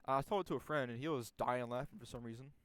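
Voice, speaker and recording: A man's voice: mid-range voice, quick pace, a bit bright, clean tone, no room sound. A young man casually telling a story from his school days, rambling and profane, with many restarts and fillers.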